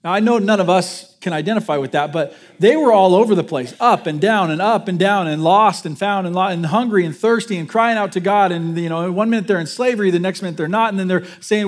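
A man's voice: sits high, brisk. A man preaching a sermon to his congregation in a conversational way, joking with them and restarting his sentences. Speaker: pastor.

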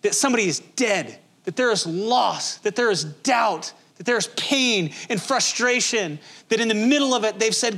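A man's voice: high voice, expressive, moderate pace, gravelly, a bit bright. A male pastor preaching a sermon in a conversational, emphatic way, with many rhetorical questions.

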